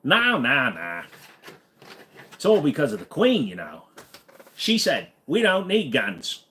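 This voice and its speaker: A man's voice: medium pitch, huge pitch swings, slow, bright, forceful tone, slight background noise, pitched above the performer's own voice, heavily acted. A man putting on an exaggerated Australian accent, voicing a laid-back joking Aussie bloke. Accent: put-on Australian. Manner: exaggerated jokey impression.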